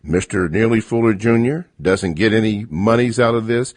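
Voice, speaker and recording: A man hosting a call-in radio show, reading out listener emails slowly with many fillers. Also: fairly low pitch, darkish tone, no echo. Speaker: radio host.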